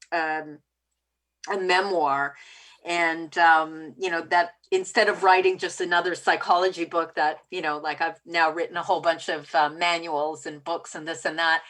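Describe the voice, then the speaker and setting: A woman's voice: fairly low pitch, fairly bright tone. A woman with a Canadian accent hosting a casual interview, talking in a rambling way. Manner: rambling, lots of fillers. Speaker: podcast host.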